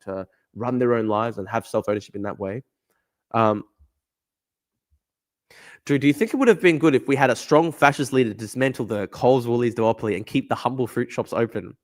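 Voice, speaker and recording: A young man from Australia talks casually on a livestream, reading out viewer comments and riffing on them. His voice sits in a middle pitch, and he rambles, circling back and repeating his points. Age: young adult. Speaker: livestream host reading chat.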